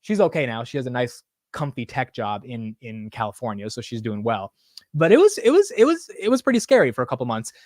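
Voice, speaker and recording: A man's voice: mid-range voice, big pitch swings, a little fast, darkish tone, dry recording, clean studio sound. A man hosting a live stock market show in casual commentary, rambling and blunt with casual swearing.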